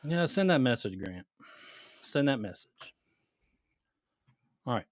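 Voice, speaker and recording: Loud teasing middle-aged podcast host. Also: male voice, mid-range voice, big pitch swings, slow, no room sound, clean studio sound. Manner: loud, teasing, joking banter. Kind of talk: casual chat.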